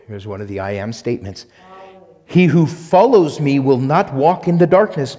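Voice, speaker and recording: A male pastor preaching a sermon and reading scripture aloud, emphatic, swinging between loud punched lines and quiet asides. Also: on the high side, big-room sound. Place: church sanctuary.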